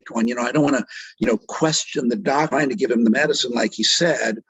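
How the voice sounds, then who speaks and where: A man's voice: mid-range voice, fairly quick, a bit bright, breathy edge, dry recording, rough recording. A middle-aged man, a doctor and author, telling a story in an interview with earnest feeling and acting out the voices of the people in it. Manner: vivid retelling that acts out quoted speech; earnest, emotionally moved.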